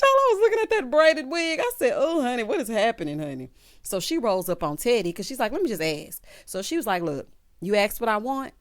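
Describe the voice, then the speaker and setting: A woman casually recapping a TV episode, sassy and animated, acting out the characters' lines. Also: medium pitch, no echo. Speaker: recap vlogger.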